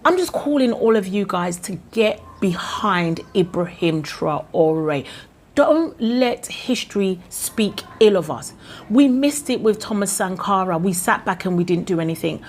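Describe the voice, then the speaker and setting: A woman's voice: medium pitch, lively intonation, a little slow. A woman from Ghana with a Ghanaian accent, delivering an impassioned, indignant opinion vlog full of rhetorical questions. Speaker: vlogger.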